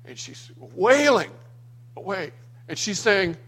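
Speaking with an animated, high voice that is fairly quick, fairly bright and breathy at the edge, the Florida man recalls stories about his father for a small gathering. He tells them anecdotally, acting out the people he quotes.

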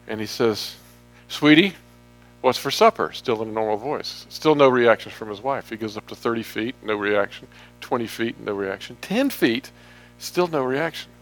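With a mid-range, somewhat bright voice, a pastor talks through his sermon slides in a relaxed, conversational way. He jokes around and occasionally wanders away from the subject.

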